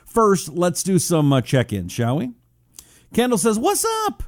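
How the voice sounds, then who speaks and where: A man's voice: high-pitched, very animated, a little slow, no echo, studio quality. A middle-aged man hosting a talk show, chatting casually and reading out viewer check-ins. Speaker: radio talk show host. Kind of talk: casual live-stream chat.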